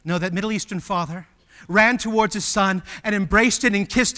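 Delivering his sermon at a moderate pace, this high-pitched male preacher leans on rhetorical questions and emphasis. Loud proclamations give way to quiet, intimate moments and back again.

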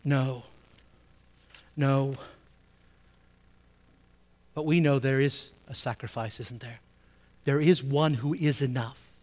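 A man preaching a sermon as a pastor, emphatic, repeating key phrases and swinging between soft asides and loud stresses. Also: medium pitch, steady tone, takes it slowly, long pauses.

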